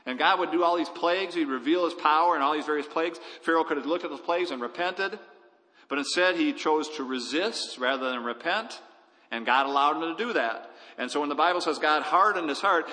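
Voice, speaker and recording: A man's voice: on the high side, pushed and bright. A man preaching a sermon as a pastor, earnest and pleading with emphatic delivery. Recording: hall reverb.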